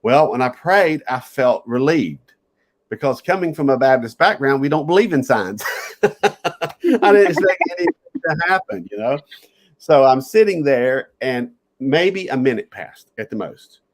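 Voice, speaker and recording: Man, pastor, reflective storyteller, mid-pitched voice, earnest. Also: expressive, moderate pace. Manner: earnest, reflective, chuckles while telling. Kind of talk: personal storytelling interview.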